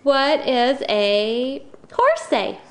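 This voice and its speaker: Mom at home quizzing her little kid, slow and bouncy, kinda high voice. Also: sing-song, roomy sound. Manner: playful, coaxing questions. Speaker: parent. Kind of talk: home video talk with a toddler.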